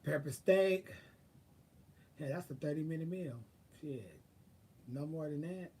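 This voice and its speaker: Brief: man vlogger, higher-pitched, loose profane chatter, mic a bit far off. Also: a little slow, husky. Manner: chatty, profane, animated, thinking aloud. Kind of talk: casual rambling monologue.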